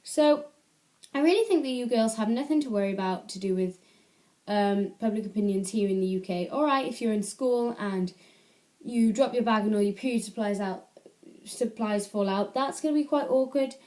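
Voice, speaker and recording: A woman's voice: a little high, normal speed, a little mellow. A teenage girl from the UK chatting casually into an iPad camera at home, rambling and correcting herself as she gives advice. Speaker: vlogger.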